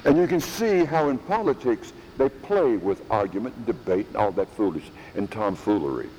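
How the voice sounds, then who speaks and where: A man preaching a sermon in a church, slow and emphatic, repeating phrases for stress. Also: lowish voice, lively intonation, warm tone, big-room sound, lo-fi sound, slight background noise.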